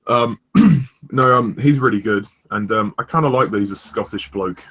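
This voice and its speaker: A young man hosting a casual review chat, rambling with many pauses and restarts. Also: medium pitch, a bit bright, husky. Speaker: host of a review discussion.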